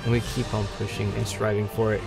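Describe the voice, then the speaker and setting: Sleepy gamer guy streaming, gravelly voice, lil music in the back, keeps yawning and then hyping up. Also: fairly low pitch, brisk. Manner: sleepy, rambling, bursts of excitement. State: tired, yawning. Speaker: livestream host. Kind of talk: gameplay livestream commentary.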